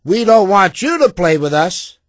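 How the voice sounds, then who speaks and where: A man's voice: high-pitched, very animated, normal speed, fairly bright tone, dry recording. A man doing a sneering, mocking young critter. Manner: sneering, scoffing.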